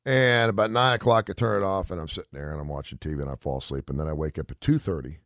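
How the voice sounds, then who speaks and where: A man's voice: extremely low pitch, fast talker, fairly bright tone, dry recording, clean studio sound. A middle-aged man hosting a radio show, casually telling a long rambling story and acting out the quotes. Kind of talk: casual chat.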